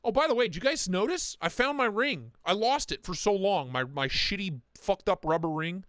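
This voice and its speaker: Young guy running a live stream, swears a lot, voice jumps all over, pretty high, dry sound. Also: lively intonation, normal speed, fairly bright tone, dry recording. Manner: chatty, swears freely, reads chat aloud. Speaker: livestream host. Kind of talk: casual livestream chat.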